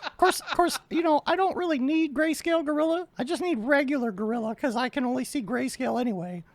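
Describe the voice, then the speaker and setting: A woman playing Dorothy, a jokey character who drops in with rapid puns and giggles. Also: sits high, a little hiss or hum. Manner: rapid pun-heavy jokes, giggly. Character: punning, joking woman named Dorothy.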